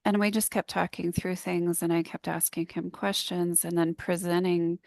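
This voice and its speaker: A woman's voice: on the low side, level tone, normal speed, creaky, darkish tone, no echo, clean studio sound. A woman, a business coach and public speaker, telling an earnest, heartfelt story in a casual podcast conversation.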